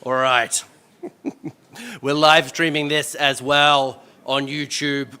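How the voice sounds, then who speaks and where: Australian male moderator, very bright and forceful tone, lively and jokey. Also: on the high side, slow pace, clear, resonant tone. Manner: energetic, self-deprecating, joking. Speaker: event moderator. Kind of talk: live panel moderation.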